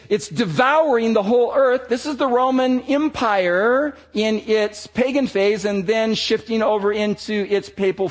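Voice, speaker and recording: A man preaching a sermon to a gathered audience, emphatic and slowing down on his key words. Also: high voice.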